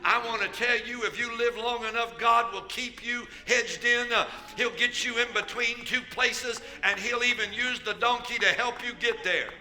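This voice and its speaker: A man pastor preaching a sermon, storytelling with jokes and sudden loud bursts. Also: very high-pitched, fairly even intonation, moderate pace, hardly any pauses. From United States.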